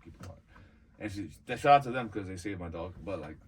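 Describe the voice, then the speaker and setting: A man telling a story on a podcast in casual chat, animated and profane, acting out the voices of the people in it. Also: low voice, fast, recorded from a distance, slight background noise. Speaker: podcast co-host.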